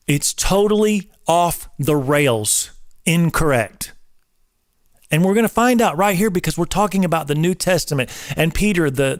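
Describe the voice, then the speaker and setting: A man's voice: fairly high pitch, dry recording, studio quality. A man in his forties, a personal trainer and show host, talking casually and preaching in an emphatic, repetitive way like a drill instructor. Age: 40s.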